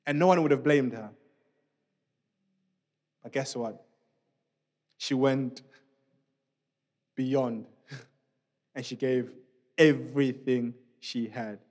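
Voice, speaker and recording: A man preaching a sermon in a church, speaking in an animated, conversational way with many asides to the congregation. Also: medium pitch, slow pace, pauses often. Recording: long reverb of a church hall.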